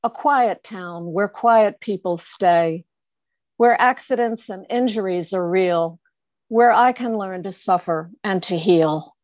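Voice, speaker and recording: A woman's voice: mid-range voice, slow pace, darkish tone, no echo. Woman poet on a video call. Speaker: open mic poet. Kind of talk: poetry reading and casual chat.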